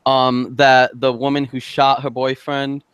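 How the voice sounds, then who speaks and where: A man in casual group chat who talks haltingly and laughs often. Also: medium pitch, flat delivery, fairly bright tone, smooth, dry recording, muffled recording.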